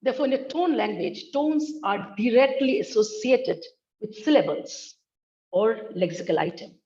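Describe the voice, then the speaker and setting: A woman's voice: a little high, sing-song, normal speed, a little mellow, dull audio. A woman giving an academic talk on linguistics, speaking carefully and demonstrating tones with examples. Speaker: linguistics researcher presenting.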